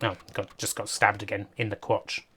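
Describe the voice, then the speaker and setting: A man's voice: fairly low pitch, level tone, normal speed, fairly bright tone, husky. A man giving casual, rambling livestream commentary over a game, laughing often and talking to his chat. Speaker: streamer.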